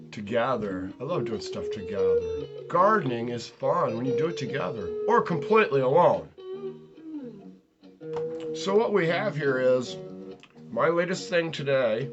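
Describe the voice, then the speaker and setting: A man hosting his own show in a rambling, provocative solo monologue, mocking himself, drawing out words and jumping suddenly in loudness. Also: mid-range voice. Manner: provocative, ranting, self-mocking. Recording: lo-fi recording with guitar music behind. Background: plucked guitar music.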